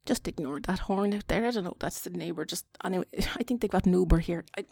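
An Irish woman doing a whispered role-play, soft and breathy, awkward and self-mocking as she keeps stopping to chat. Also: on the low side, fairly quick, few pauses, no room sound.

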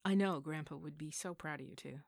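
A woman's voice: low voice, brisk, vocal fry, no echo, studio quality. A woman voicing a sheepish, easygoing young man who talks offhandedly with his twin sister in a storybook reading. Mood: offhand. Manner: offhand, earnest.

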